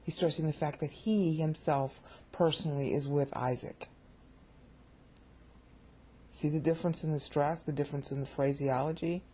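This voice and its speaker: Mellow, husky woman teaching Bible grammar. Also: deep voice, fairly even intonation, normal speed, long pauses. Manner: explains grammar step by step, repeating key words for emphasis; informal and digressive, with frequent restarts and asides. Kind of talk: recorded Bible study lecture.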